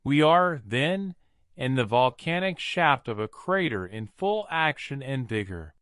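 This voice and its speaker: A man's voice: mid-range voice, lively intonation, unhurried, a bit bright, no room sound, clean studio sound. A man reading an audiobook voices a terrified young man who cries out in alarm and exasperation. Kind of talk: audiobook character voice.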